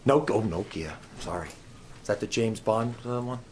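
A middle-aged man preaching a sermon as a guest speaker, quizzing the audience and swinging between soft asides and loud emphasis. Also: fairly low pitch, normal speed.

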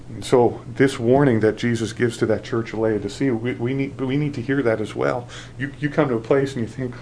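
A man's voice: medium pitch, normal speed, darkish tone, a little hiss or hum. A man preaching a sermon, restarting phrases with fillers and rising into an emphatic, repetitive cadence. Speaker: pastor.

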